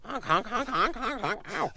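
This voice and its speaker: A man voicing a loud, gleefully mean male goose that honks and brags about menacing people. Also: very high-pitched, creaky, no echo, voice pushed up, heavily acted. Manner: honking, gleefully mean, squealing laughs.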